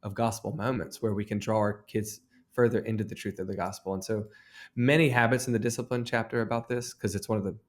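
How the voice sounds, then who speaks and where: Casting note: earnest man, deep-ish voice, reflective storytelling guest. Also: fairly even intonation, fast talker. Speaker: author and guest. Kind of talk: conversational interview.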